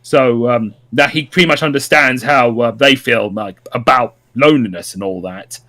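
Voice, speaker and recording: A man's voice: medium pitch, normal speed, pushed and bright. A man casually recapping a story on a podcast, rambling with lots of ums, uhs and restarts. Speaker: podcast co-host.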